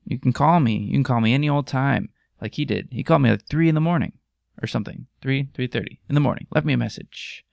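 A man's voice: mid-range voice, fast talker, creaky, no echo, studio quality. A man hosting a podcast in casual chat, rambling, jokey and crude. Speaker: podcast host.

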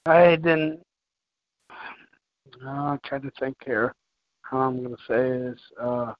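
A man's voice: medium pitch, takes it slowly, no echo. A man co-hosting a wrestling podcast, giving hesitant, short answers. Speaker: podcast co-host. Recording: dull lo-fi sound with faint noise.

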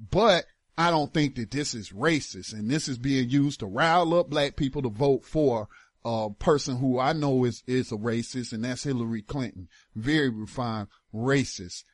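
A man's voice: mid-range voice, moderate pace, dry recording, studio quality. A man hosting a talk radio show, giving emphatic political commentary in casual with slang.

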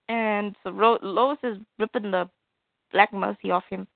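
A woman with a mid-range, steady, somewhat gravelly voice speaks a little slowly as she retells a comic book story. Chatty and conversational, she acts out scenes with "she's like," and the dry audio sounds tinny, like a phone, with no echo.

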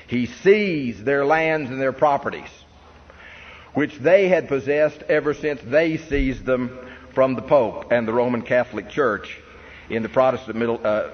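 Preacher guy telling church history, earnest and punchy, muffled lo-fi sound with long reverb. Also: medium pitch. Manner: earnest, emphatic, with rhetorical questions. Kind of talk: sermon lecture on church history. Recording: dull reverberant hall recording with faint noise.

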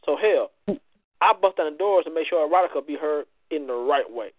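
Male show host, high and animated, brash and preachy, dry phone-quality audio. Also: brisk, no room sound. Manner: loud, playful, preachy banter with frequent cursing. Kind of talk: casual radio-style chat.

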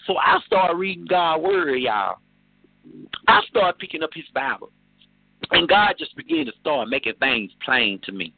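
A man's voice: on the high side, wildly swooping pitch, a little slow, gravelly, slightly rough, dry recording. A man preaching fervently to a phone chat line, repeating and restarting his phrases, heard over a tinny phone connection. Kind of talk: informal preaching testimony.

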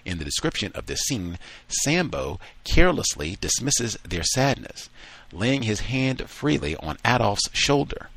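Male talk host, very deep voice, lively pitch, dry close sound, reading aloud. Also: a little slow, dry recording. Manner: animated reading, relaxed asides with fillers. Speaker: radio talk show host. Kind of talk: reading a text aloud, then call-in talk.

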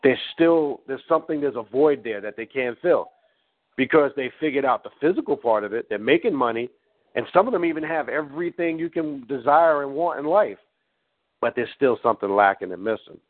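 A man's voice: mid-range voice, animated, brisk. A man hosting a talk and teaching in a blunt, preachy way, swearing as he goes. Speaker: host. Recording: tinny phone-like line.

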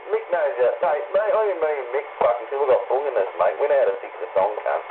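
A man's voice: mid-range voice, very animated, fast talker. A man with an Australian accent bantering over CB radio, brash and swearing constantly, calling everyone mate. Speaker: CB radio caller. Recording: tinny CB radio with clear hiss.

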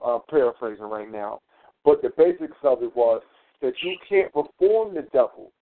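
A man's voice: mid-range voice, expressive, moderate pace. A man talking casually on a radio show, rambling and profane, often hunting for his words. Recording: tinny phone line.

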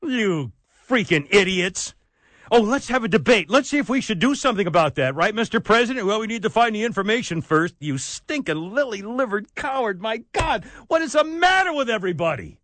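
A man's voice: high voice, sing-song, fairly quick, fairly bright tone, no room sound. A man hosting a talk radio show, ranting angrily and sarcastically from a studio mic.

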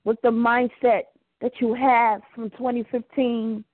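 A woman's voice: fairly high pitch, little pitch movement, unhurried, no echo. Fervent woman preaching over a phone line. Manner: fervent, rising into impassioned prayer. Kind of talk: preached prayer broadcast.

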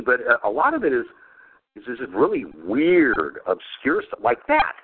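A man's voice: mid-range voice, wildly swooping pitch, moderate pace, husky, dry recording. A man telling profane family stories in casual chat, laughing often as he goes. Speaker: podcast host. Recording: phone-like narrow sound.

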